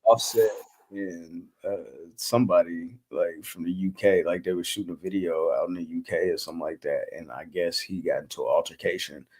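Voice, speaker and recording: A man's voice: low voice, a little fast, darkish tone, slightly rough. A man hosting a podcast, chatting casually with a playful, hype-man delivery. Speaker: podcast host. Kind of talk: casual chat.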